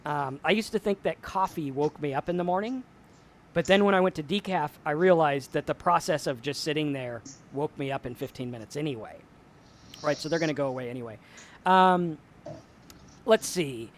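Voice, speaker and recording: A man's voice: on the high side, moderate pace, slight background noise. A man hosting a weekly sobriety talk, his voice sitting a little above the usual male range. He speaks in a reflective, storytelling way, in an easygoing conversational style. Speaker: show host. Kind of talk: casual recovery talk.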